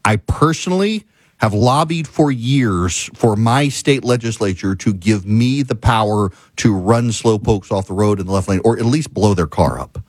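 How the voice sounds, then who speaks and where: A man's voice: on the low side, expressive, normal speed, a little mellow, dry recording. A man hosting a show, telling a story in a casual monologue and ranting with exasperation. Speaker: talk show host.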